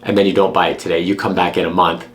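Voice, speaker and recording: A man's voice: low voice, little pitch movement, fast talker. A man who works as a real estate agent, talking straight to camera in a blunt, emphatic, persuasive way. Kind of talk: direct-to-camera advice vlog.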